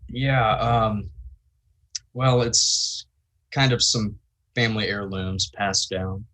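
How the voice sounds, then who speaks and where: A reclusive collector who guards his family heirlooms, played by a man in a tabletop game. His voice sits low and moves in a halting, hesitant way, full of fillers. It is close, ordinary speech rather than a showy character voice. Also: pushed and bright, poor audio. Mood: guarded. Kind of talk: tabletop role-play over a voice call.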